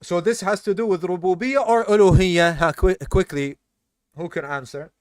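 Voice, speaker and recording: This high-pitched man speaks at a moderate pace in clean studio sound without echo. He's a tired Islamic study course teacher giving a live classroom lesson, explaining step by step, quizzing students and mixing in Arabic terms.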